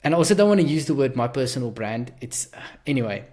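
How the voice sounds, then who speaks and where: A man's voice: medium pitch, big pitch swings, fast talker, darkish tone. A man with a South African accent hosting a podcast, talking in a rambling, self-deprecating way with many restarts. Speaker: podcast host. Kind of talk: casual podcast conversation.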